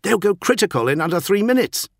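Man doing a calm loyal engineer guy, matter-of-fact, lively pitch, dry close mic; audiobook. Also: fast talker, vocal fry, dry recording, exaggerated voice. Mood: earnest. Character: steady male ship engineer, loyal and sober. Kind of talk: audiobook character voice.

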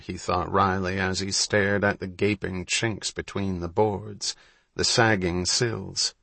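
A man reading an audiobook in a measured, unhurried storytelling manner. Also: deep voice, little pitch movement, creaky, pushed and bright, no echo. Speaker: audiobook narrator. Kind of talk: scripted narration.

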